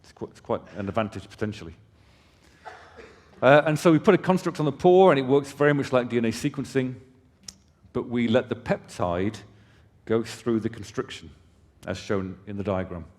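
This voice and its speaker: A company presenter with an animated, mid-range, slightly mellow voice speaks at a moderate pace from a conference hall stage. He explains conversationally and adds casual asides to the crowd, and the room gives a long reverb.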